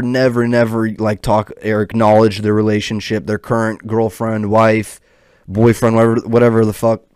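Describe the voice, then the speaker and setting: A man's voice: lowish voice, darkish tone, clear, resonant tone, no echo, clean studio sound. A young man in his twenties hosting a podcast, ranting in a profane, rambling, heated way. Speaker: podcast host. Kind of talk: casual podcast rant.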